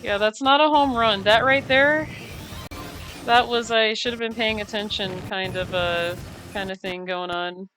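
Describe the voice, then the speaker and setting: A woman's voice: mid-range voice, fairly even intonation, a little slow, music in the background, poor audio. A woman streaming a racing game live, chatting casually with viewers, greeting them by name and giggling often. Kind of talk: casual live-stream chat while gaming.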